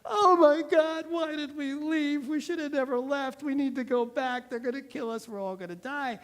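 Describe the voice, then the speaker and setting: A man's voice: very high voice, normal speed, voice pushed up. A man voicing a panicky, fickle crowd of ancient wanderers who wail and exaggerate every feeling. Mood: panicked. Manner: wailing, exaggerated.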